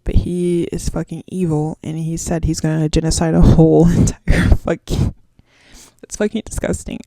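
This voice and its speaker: A woman's voice: sits low, level tone, normal speed, gravelly, warm tone, dry recording. A woman in her twenties hosting a podcast solo, rambling in casual slang and swearing freely. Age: 20s. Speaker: podcast host.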